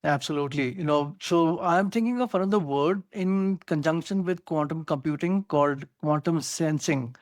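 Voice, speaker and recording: A man's voice: fairly high pitch, normal speed, hardly any pauses, dry recording, clean studio sound. A man with an Indian accent co-hosting a podcast, explaining technology eagerly with many "you know" fillers. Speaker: co-host. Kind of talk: casual tech podcast chat.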